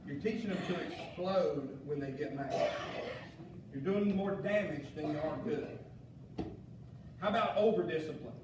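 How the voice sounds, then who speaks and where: A male pastor, preaching a fiery sermon with shouted emphasis and folksy asides. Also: fairly high pitch, a little slow, pauses often. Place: church sanctuary. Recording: echoey church hall, mic far off, faint noise.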